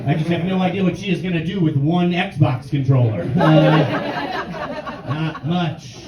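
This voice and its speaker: A man's voice: fairly high pitch, a little slow, muffled recording, heavy background noise. A young man from New York doing a stand-up set, with a dry, self-deprecating delivery, to a laughing audience in a comedy club. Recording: echoey club, mic at a distance, crowd.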